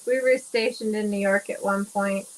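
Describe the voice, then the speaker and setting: A woman's voice: medium pitch, fairly even intonation, normal speed, low-quality recording. A woman with a Southern accent in casual chat, chatty and explaining things step by step. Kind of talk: casual chat while canning.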